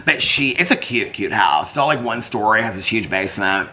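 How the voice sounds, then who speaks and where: A man's voice: lowish voice, expressive, a little fast, bright, forceful tone, a little hiss or hum. A man vlogging in casual chat, rambling and filling his talk with "like". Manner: rambling, heavy use of "like".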